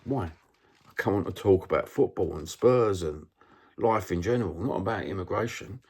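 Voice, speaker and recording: A Cockney man from London vlogging to his subscribers in a very low, husky voice. He sounds rattled, keeps repeating himself and asking rhetorical questions, with plenty of working-class slang. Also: normal speed, a little mellow. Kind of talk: casual vlog monologue.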